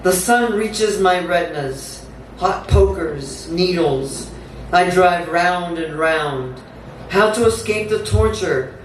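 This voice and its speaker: A woman poet giving a live reading with a slow, incantatory delivery, repeating words for effect. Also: fairly low pitch. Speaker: featured poet. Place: theatre stage. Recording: echoey theatre, distant mic, faint hum.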